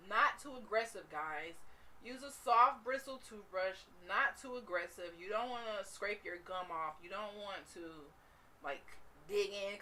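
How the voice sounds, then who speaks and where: A woman dentist giving a casual educational talk on dental care, animated and playful. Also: mid-range voice, a little hiss or hum. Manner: animated, playful, laughs often.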